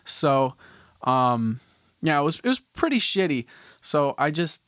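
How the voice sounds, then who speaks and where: A young man from Canada tells a story on his podcast, circling back and restarting his sentences with casual swearing. His voice is smooth and clean, recorded close and dry with no room echo. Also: a little high, sing-song, unhurried, fairly bright tone. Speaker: podcast host.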